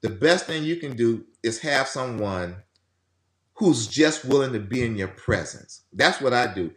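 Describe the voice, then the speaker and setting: A man's voice: medium pitch, measured pace, reverberant. A man telling stories in casual conversation, acting out the people he quotes. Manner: animated storyteller who acts out quoted people. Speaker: guest on grief.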